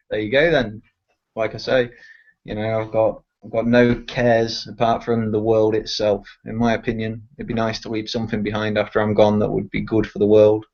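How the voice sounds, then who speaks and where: A man's voice: fairly low pitch, completely flat delivery, moderate pace. Profane ranting young man. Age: teens. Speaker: discussion participant. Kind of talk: casual online voice chat. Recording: dull lo-fi voice chat audio.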